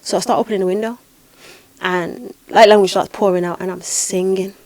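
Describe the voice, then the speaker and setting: A woman hosting a podcast, telling a spiritual experience in a lively, dramatic way with repeated phrases. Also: medium pitch, brisk, no echo. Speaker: podcast host and spiritual healer. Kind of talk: casual podcast storytelling.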